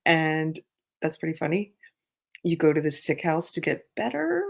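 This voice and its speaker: Low-voiced woman chatting on a livestream. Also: big pitch swings, moderate pace, vocal fry. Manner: chatty, reads viewer comments aloud, laughs often. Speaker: livestream host. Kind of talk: casual livestream chat. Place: abroad on a trip.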